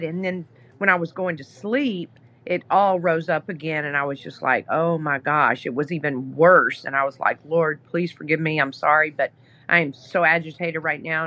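A woman's voice: on the low side, fairly bright tone, muffled recording. A woman guest on a podcast, telling a story in a casual, chatty way with many fillers. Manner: chatty, lots of "you know" fillers. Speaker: podcast guest, app founder.

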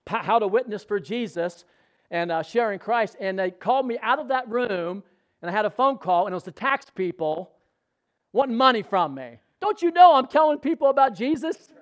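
High-voiced male preacher telling stories. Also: expressive, moderate pace, a bit bright. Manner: conversational storytelling, quizzing the congregation. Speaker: pastor. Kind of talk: sermon.

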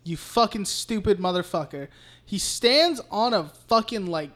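A man co-hosting a podcast gives a rambling, profane, laughing recap of a horror movie plot in casual conversation. His high voice is animated, unhurried, and a bit bright.

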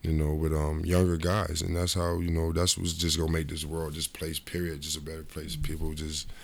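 A middle-aged former basketball player tells career stories in a casual interview, rambling, repeating, and restarting his sentences, with lively quoted asides. His voice is very deep, creaky, and a little fast.

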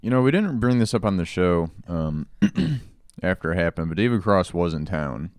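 Deep-voiced young man, smooth and laid-back. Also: expressive, normal speed, darkish tone, no room sound. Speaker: podcast host. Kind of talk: casual podcast chat.

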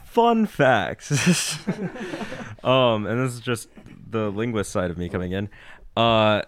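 A man's voice: lowish voice, lively intonation, slow pace. A young man from Nebraska with a Midwestern accent, chatting casually and laughing as a cast member on a talk show. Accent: Midwestern American. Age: young adult. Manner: chatty, laughing, filler-heavy. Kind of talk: casual chat.

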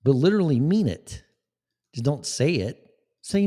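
A man's voice: a little high, sing-song, normal speed, warm tone. A man hosting a live talk show, speaking in a blunt, sarcastic, rambling way. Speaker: podcast host. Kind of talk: casual live-show monologue.

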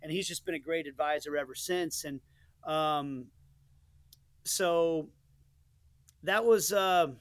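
A middle-aged American soccer play-by-play commentator, appearing as an interview guest, tells stories in an earnest, rambling way full of restarts and asides. He speaks slowly with long pauses, his smooth voice a little high, and there is no room sound.

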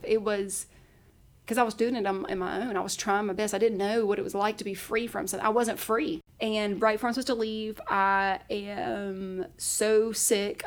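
A woman telling a personal story in casual conversation, chatty and laughing often. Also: mid-range voice. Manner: chatty, laughs often, acts out her own past words. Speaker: podcast guest.

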